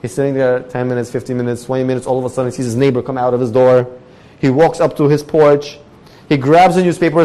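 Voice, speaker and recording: A man giving a Torah class, telling a story and acting out the characters with lively swings in voice. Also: fast. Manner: animated storyteller, acting out characters with big jumps in pitch and loudness.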